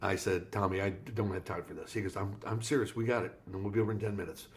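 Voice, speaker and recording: A guest musician from Florida, USA, tells a story on an interview podcast, animatedly acting out the people in it and their quoted dialogue. He speaks quickly in a low-pitched voice.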